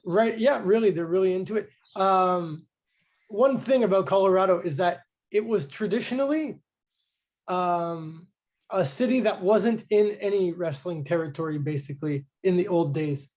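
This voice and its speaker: A man's voice: high voice, normal speed, a little mellow. A man, co-hosting a casual wrestling podcast and rambling through history with many fillers. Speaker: podcast co-host. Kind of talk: casual chat. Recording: dull lo-fi sound.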